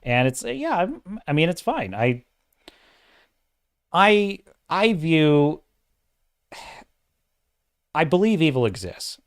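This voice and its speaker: A man's voice: on the high side, slow pace, long pauses. Rambling, laughing male livestream host. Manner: rambling, animated, laughs often, reads chat aloud. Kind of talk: casual livestream chat.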